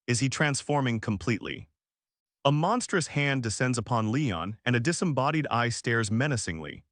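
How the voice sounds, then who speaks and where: A man's voice: mid-range voice, fairly bright tone, no echo. Man narrating in a dry, close voice. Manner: dramatic narration with rhetorical questions. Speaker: recap narrator. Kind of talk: scripted narration.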